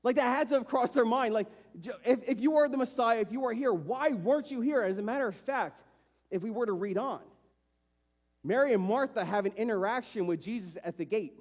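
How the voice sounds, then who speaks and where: A man pastor preaching a sermon with passion, acting out the voices of people he quotes. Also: brisk. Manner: impassioned, acts out dialogue with rising pitch. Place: church sanctuary. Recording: long church hall reverb.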